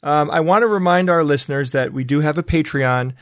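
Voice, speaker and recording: A man with a gravelly, fairly high voice jokes and mocks himself in a casual podcast chat. The sound is dry and close. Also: a little fast, dry recording. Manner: joking, self-mocking. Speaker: podcast panelist.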